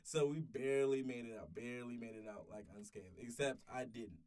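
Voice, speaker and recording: A man's voice: medium pitch, brisk, a little mellow, far from the mic. Brief: young man in his 20s, rambling profane storyteller, voice set back from the mic. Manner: rambling, profane, with many restarts. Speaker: podcast storyteller. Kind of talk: casual storytelling chat.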